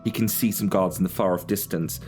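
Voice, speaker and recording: Low-voiced man narrating as game master. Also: a little fast, soft background music. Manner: relaxed descriptive narration.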